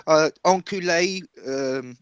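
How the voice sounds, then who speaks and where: A man chatting as a guest, telling relaxed, self-deprecating stories. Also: a little high, slow pace, clean tone, no echo, lo-fi sound. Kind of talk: casual online chat.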